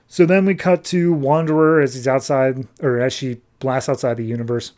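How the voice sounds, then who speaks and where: A man's voice: medium pitch, moderate pace. Man animatedly recapping a comic. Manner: animated retelling, acting out characters' lines in passing. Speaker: podcast co-host recapping comics. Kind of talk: casual comic book recap with quick character quotes. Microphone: podcast microphone.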